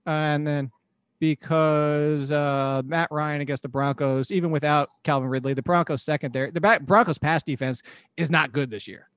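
A podcast co-host analyzes fantasy football and laughs often. His voice is on the high side, fairly bright, clear and resonant, at normal speed, recorded dry with clean studio sound.

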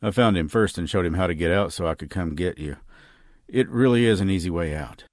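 A man voicing a soft-spoken, reassuring man with a quietly sinister edge in an audiobook, speaking low and hushed. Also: fairly quick, dry recording, clean studio sound, lightly acted. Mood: soothing. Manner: hushed, low, soothing delivery. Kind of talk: audiobook character reading.

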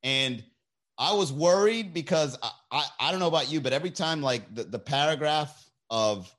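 A man hosting a comedy podcast, talking in a profane, animated, laughing monologue to a live chat. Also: on the high side, normal speed. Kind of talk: casual comedy monologue on a livestream. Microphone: desk mic with mixer.

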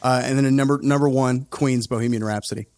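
A man hosting a casual music podcast. He talks in an opinionated, animated way and often breaks off his own sentences. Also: medium pitch, quick pace, no echo, clean studio sound. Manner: opinionated, animated, self-interrupting. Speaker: podcast host.

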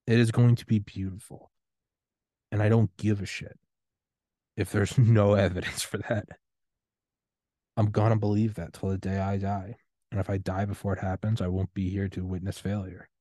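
Low-voiced man ranting defiantly. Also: little pitch movement, normal speed, long pauses, warm tone, dry recording, clean studio sound. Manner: profane, defiant, impassioned. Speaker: podcast host. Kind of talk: solo podcast rant.

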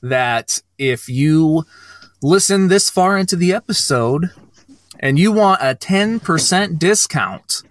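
A man's voice: a little high, expressive, slow. A man hosting a casual podcast chat, speaking in a laid-back way with brief reactions. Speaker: podcast host.

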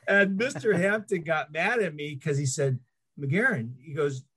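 A man's voice: on the high side, measured pace, breathy edge. A middle-aged man telling stories in a casual interview, acting out the voices of people he quotes. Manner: animated anecdotes, acts out quoted voices. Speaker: guest.

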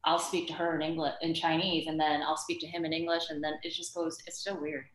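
A woman speaks in a fairly low voice, candid and animated as she chats as a podcast guest. Her voice rings a little in a roomy space. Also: a little fast. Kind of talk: casual conversation.

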